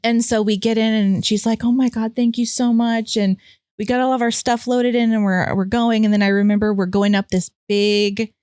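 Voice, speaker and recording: A young woman tells a long personal story on a casual podcast, wandering through it with constant "like" fillers and easy swearing. Her pitch sits mid-range for a woman. The mic is close and dry, with no room sound. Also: level tone, normal speed, a little mellow, smooth, no echo. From California. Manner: rambling, many "like" fillers, swears freely. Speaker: podcast co-host.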